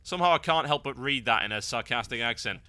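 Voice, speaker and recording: A man's voice: mid-range voice, lively intonation, quick pace, pushed and bright, dry recording. A man hosting a game guide, giving wry, sarcastic gameplay commentary.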